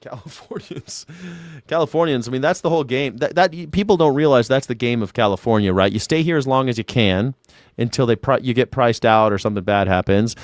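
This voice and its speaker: A man runs a loose livestream as an independent commentator. He rambles, swears freely and jokes back at viewers in the chat. His voice comes through smooth and crisp on a close, dry mic. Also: mid-range voice, dry recording. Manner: rambling, profane, jokey, talks back to viewers by name. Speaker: independent news and culture commentator. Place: home in Southern California.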